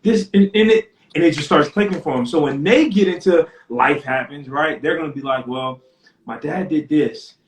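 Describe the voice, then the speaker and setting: A man's voice: fairly high pitch, a little fast, hardly any pauses, roomy sound. A man hosting a casual faith talk on a live stream, speaking earnestly. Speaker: host.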